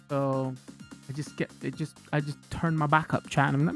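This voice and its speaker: A man's voice: a little high, moderate pace, faint music behind. A man streaming games, chatting and ranting loosely to his viewers with frank swearing. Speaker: game streamer. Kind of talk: casual live-stream chat.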